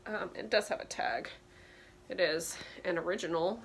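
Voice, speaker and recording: A woman's voice: lowish voice, normal speed, a little hiss or hum. A woman vintage clothing reseller giving a chatty show-and-tell tutorial, explaining details with frequent ums.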